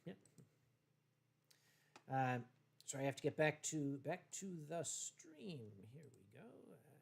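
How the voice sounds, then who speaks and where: A man's voice: fairly high pitch, lively intonation, vocal fry. Tipsy, rambling male livestream host. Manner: rambling, halting, with many fillers and restarts. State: tipsy from wine. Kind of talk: casual livestream chat, reading viewer comments.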